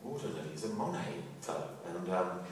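A man's voice: low voice, lively intonation, brisk, background noise. A middle-aged man performing a live cabaret monologue, telling a story and bursting into frantic sung patter. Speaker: stage performer. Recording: live stage, distant mic, roomy echo, loud music.

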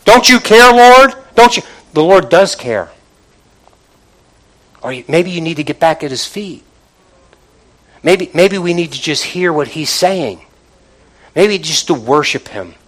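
A man's voice: fairly high pitch, lively intonation, a little slow, pauses often, poor audio. A man preaching a sermon from the pulpit in a conversational way, calling out to the congregation. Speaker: pastor. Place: church, from the pulpit.

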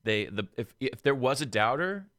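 A man co-hosting a podcast in casual chat, animated and acting out quotes in raised voices. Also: medium pitch, normal speed, dry recording, studio quality. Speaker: podcast co-host.

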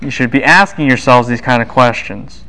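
Man, lecturer, smooth resonant voice, lively, quizzes the class, quick asides. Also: mid-range voice, low-quality recording. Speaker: Bible lecturer. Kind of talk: university lecture.

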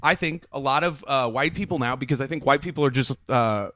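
A man's voice: medium pitch, fairly quick, a bit bright, dry recording, clean studio sound. A man from Texas, a guest comedian, talking bluntly and swearing freely in casual podcast chat. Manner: blunt, swears freely, retells his own jokes.

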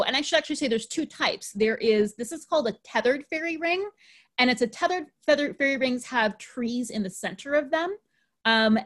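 A woman talks through folklore in a loose, chatty way, dropping in plenty of ums and likes. Her voice sits a little high for a woman and stays upbeat and conversational. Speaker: podcast host. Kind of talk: casual folklore chat.

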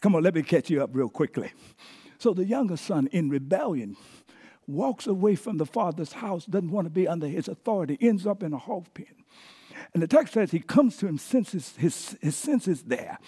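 Husky high-voiced preacher man. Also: normal speed. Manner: animated preaching with call-outs to the congregation. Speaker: pastor. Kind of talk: sermon.

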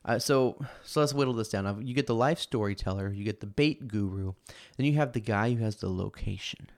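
A man's voice: fairly low pitch, fairly quick, no echo, studio quality. A young man hosting a podcast alone, telling rambling, self-amused stories full of fillers and restarts. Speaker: podcast host. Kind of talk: casual solo storytelling.

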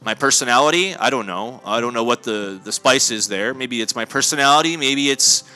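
Over soft background music, a podcast host speaks fairly quickly in a medium-pitched voice. His comedy monologue is deadpan and mock-pompous, wandering with plenty of fillers and self-corrections.

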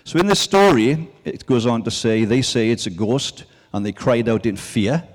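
A man of middle pitch preaches to a congregation, talking in an easy, conversational way. He pushes his voice up to stress key phrases. His words ring out with the long reverb of a large hall. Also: moderate pace. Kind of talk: sermon.

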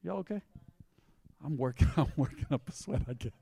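A man in his forties preaching a sermon as pastor, swinging from emphatic loud passages to hushed, tender ones. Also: fairly high pitch, expressive, a little fast, vocal fry, slightly rough, no echo, long reverb tail. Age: 40s. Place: church sanctuary.

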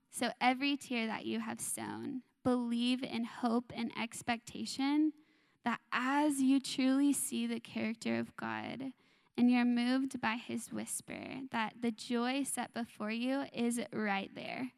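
Earnest young woman with a gravelly edge. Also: a little high. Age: 20s. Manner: earnest and tender, with soft emotional pauses. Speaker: speaker sharing a testimony. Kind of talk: church testimony.

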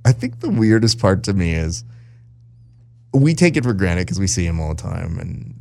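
A man hosting a podcast, telling stories in casual chat and acting out quoted voices with lively jumps in pitch. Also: normal speed, creaky. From Southern California. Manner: animated storyteller, acts out quotes. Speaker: podcast host and jiu-jitsu broadcaster.

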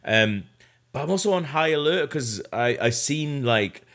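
A man's voice: mid-range voice, lively intonation, unhurried, fairly bright tone. A man, telling a story as a podcast host in a rambling way, full of fillers. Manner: rambling, with many fillers and self-corrections. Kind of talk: casual storytelling.

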